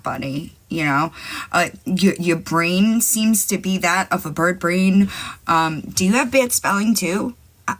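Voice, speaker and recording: Her lowish voice sounds pushed and bright as she hosts a live stream on a phone mic. She rambles to her chat, swears freely, and taunts her rivals in a brash, casual way.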